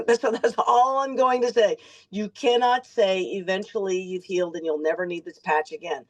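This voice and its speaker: Brisk emphatic woman explaining on a call. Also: mid-range voice, fairly even intonation, low-quality recording. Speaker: medical practitioner speaker. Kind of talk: casual explanation on a group call.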